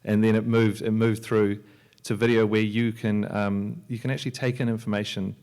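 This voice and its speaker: A low-pitched man, a software entrepreneur and filmmaker, jokes his way through a conference panel talk in a library's lecture hall. His tone is clear and resonant at a normal speed. Relaxed and loose, he keeps tripping up, restarting, and filling gaps.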